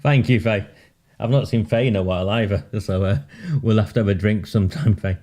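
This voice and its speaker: A man's voice: lowish voice, fairly even intonation, fairly quick, mellow. A man addressing supporters in an informal speech, chatty and joking, with self-deprecating asides.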